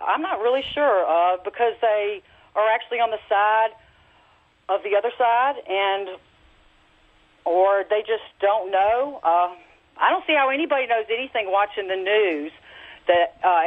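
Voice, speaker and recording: A woman calling in to a radio show, talking in a halting, hesitant way with many pauses. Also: medium pitch. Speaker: caller. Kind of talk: call-in radio chat. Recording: tinny phone line.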